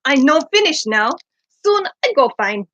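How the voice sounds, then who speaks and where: A woman voicing a male seagull who speaks in broken, halting English with an odd made-up accent, read aloud from a book. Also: sits high, very animated, fairly bright tone, no echo, lo-fi sound. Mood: slow, halting.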